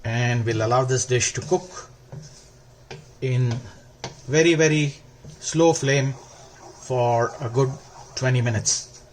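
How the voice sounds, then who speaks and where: Slow-talking man demonstrating a recipe. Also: mid-range voice, slight background noise. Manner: slow, instructive, gently enthusiastic. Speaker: cooking show host. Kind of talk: cooking demonstration.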